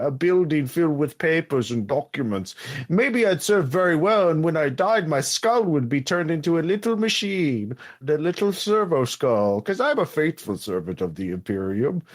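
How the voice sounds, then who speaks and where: A man's voice: fairly high pitch, voice pushed up. A man voicing a timid, rambling male clerk in a tabletop role-play, with a put-on accent and a nervous, chatty manner.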